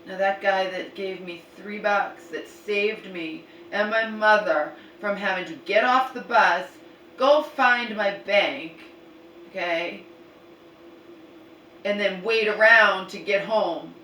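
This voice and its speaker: A woman's voice: medium pitch, slow pace, pushed and bright, roomy sound, far from the mic, a little hiss or hum, low-quality recording. A woman vlogging a rambling, exasperated story and retelling arguments, swearing now and then.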